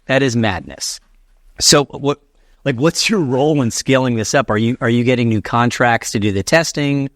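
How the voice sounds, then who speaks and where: A man hosting a health podcast interview, speaking in an energetic announcer-style voice while gesturing with his hands. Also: mid-range voice, normal speed, no echo, clean studio sound. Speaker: podcast host.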